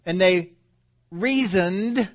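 A man preaching a sermon, with lively delivery and rhetorical questions to the congregation. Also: high-pitched, extremely slow. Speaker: pastor.

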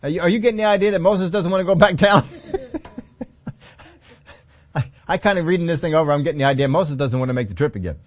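High-voiced man preaching a folksy sermon. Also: fairly quick, pauses often. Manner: folksy, humorous storytelling with voiced asides. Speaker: pastor.

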